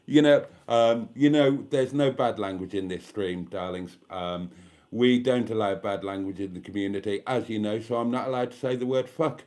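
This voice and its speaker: Chatty British stream host, camp and joking. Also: male voice, fairly low pitch, normal speed, darkish tone. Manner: chatty, self-mocking, camp. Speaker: YouTube live stream host. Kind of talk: casual chat reading out viewer comments. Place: indoors at home.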